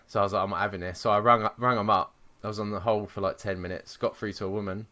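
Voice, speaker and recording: Male podcast co-host, lowish voice, sweary animated storyteller. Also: quick pace. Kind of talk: casual chat.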